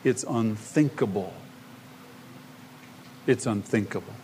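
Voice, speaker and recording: Male pastor preaching with lively emphasis; faint background noise. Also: lowish voice, slow. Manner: animated preaching, acting out the parable's voices. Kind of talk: sermon.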